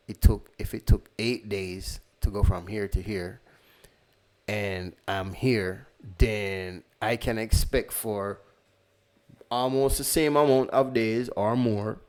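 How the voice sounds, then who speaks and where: A trading instructor with a fairly low, slightly mellow voice runs a casual screen-share lesson. His teaching is easygoing, with key phrases repeated and frequent self-corrections.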